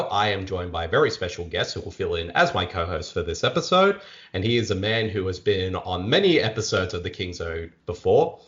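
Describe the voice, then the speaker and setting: A man's voice: deep voice, a bit bright, lo-fi sound. An Australian man hosting a casual podcast chat, upbeat and talkative, often restarting his sentences. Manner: upbeat, chatty, frequent restarts and fillers. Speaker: podcast host.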